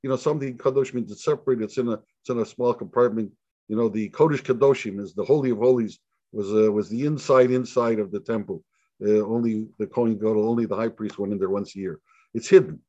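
A man's voice: lowish voice, fast talker, no room sound. A man who is a rabbi teaching an informal Torah lesson, telling stories and acting out the dialogue with many repeats. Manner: animated storyteller who acts out dialogue and repeats himself. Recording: dull lo-fi sound.

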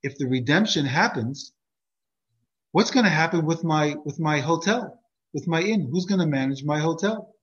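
A man's voice: a little high, expressive, normal speed, breathy edge. A man voicing a worried, simple village innkeeper who pleads anxiously, heard on a dull lo-fi recording.

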